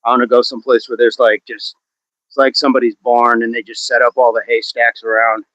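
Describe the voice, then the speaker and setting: A man's voice: mid-range voice, little pitch movement, brisk, a bit bright, no room sound. A man hosting a fitness livestream outdoors, chatting casually and joking as he reads viewer comments. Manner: joking, chatty, laughs often. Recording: dull, dry, lo-fi sound.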